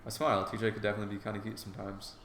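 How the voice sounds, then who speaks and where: A man's voice: fairly low pitch, flat delivery, racing, a little hiss or hum. A man reading a visual novel aloud as he plays, with casual, joking asides. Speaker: game player and narrator. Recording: echoey room, soft guitar music.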